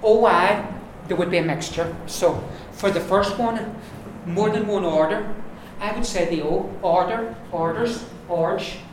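In a very echoey classroom, with the mic far away and noise in the background, an Ulster-accented man gives a pronunciation lesson in Irish. His voice is a little high, and he explains patiently, saying each word slowly and then repeating it.

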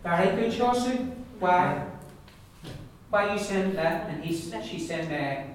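A man's voice: high-pitched, animated, slight background noise. Man, teacher, patient and repetitive, echoey classroom, distant mic. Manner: patient, repeats words slowly for learners. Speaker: Irish language teacher. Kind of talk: classroom pronunciation lesson. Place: classroom with students. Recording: echoey classroom from far off, group around.

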